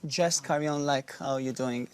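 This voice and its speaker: A man giving brief, halting answers in an interview. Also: mid-range voice, smooth. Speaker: dance partner. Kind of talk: casual interview chat.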